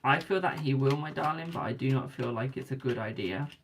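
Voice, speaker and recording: A woman's voice: extremely low pitch, fairly quick, noisy background. A British woman hosting a live tarot stream in casual chat, calling viewers darling, a bit tired and yawning. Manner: chatty, calls viewers darling and boo.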